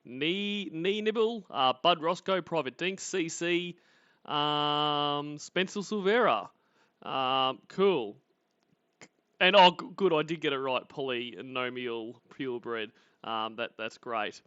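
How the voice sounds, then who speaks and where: A man's voice: fairly high pitch, takes it slowly, fairly bright tone, smooth, no room sound. A man with an Australian accent hosting a livestream, rambling and mocking and swearing freely as he comments. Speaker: livestream host. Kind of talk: casual commentary. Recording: dry, slightly muffled audio.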